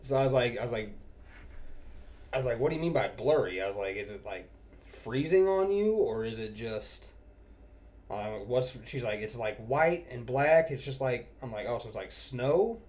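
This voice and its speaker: A man with a medium-pitched voice recounts a frustrating customer call from his technician job in casual chat. He swears freely and sounds exasperated, and he often breaks into laughter. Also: darkish tone. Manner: profane, exasperated, quick to laugh. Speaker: cable technician telling a work story.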